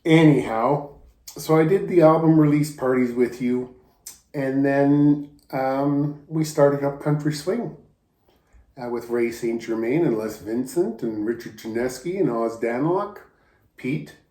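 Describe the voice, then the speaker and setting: A man, a guest steel guitar player, giving a slow, tender spoken tribute to a friend that moves him to emotion. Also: mid-range voice, mellow, reverberant.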